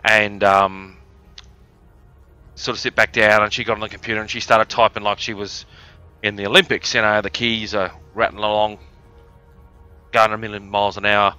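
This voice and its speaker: A man's voice: fairly low pitch, level tone, normal speed, pauses often, sharp tone, smooth, no room sound, faint music behind. An Australian man from the outback with a cough, telling a rambling, crude, joking story on a live stream. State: has a cough. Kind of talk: casual storytelling.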